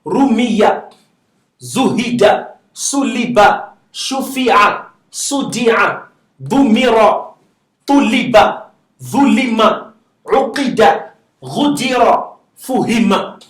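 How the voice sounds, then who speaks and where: A man teaching an Arabic class, reading word lists aloud slowly with frequent laughs and chatty asides. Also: very high voice, expressive. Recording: echoey classroom from far off.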